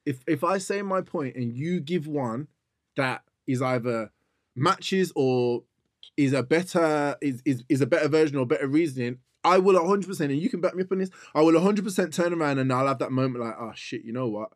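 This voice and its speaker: A man's voice: a little high, a little fast, no echo, studio quality. A young man, co-hosting a podcast, arguing his case insistently and repeating himself over his partner. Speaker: podcast co-host. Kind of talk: heated casual argument.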